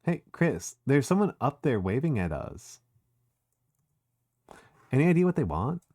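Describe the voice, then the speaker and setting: A man's voice: medium pitch, sing-song, unhurried, a little mellow, pitched above the performer's own voice. A man voicing a brash, tough teenage monster girl with a valley-girl drawl, bossy and mocking. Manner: bossy, mocking, swears casually.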